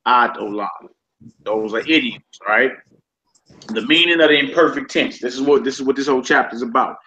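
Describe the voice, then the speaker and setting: Guy teaching a class online, bright voice, kinda dull lo-fi sound with faint hiss. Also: medium pitch, a little fast. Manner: relaxed, repeats each word aloud, slangy asides. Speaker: Hebrew teacher. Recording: slightly dull lo-fi with faint noise.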